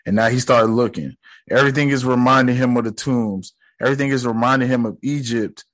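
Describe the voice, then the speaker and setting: A man casually recapping a TV episode, excitable and profane, acting out scenes in slangy speech. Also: mid-range voice, brisk. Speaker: TV episode reactor.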